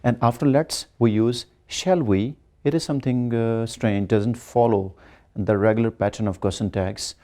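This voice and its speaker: Man, lecturer, mellow low-toned voice, patient, repeats examples. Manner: explains slowly, repeats examples, demonstrates rising and falling tones. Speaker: English lecturer. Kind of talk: televised grammar lecture.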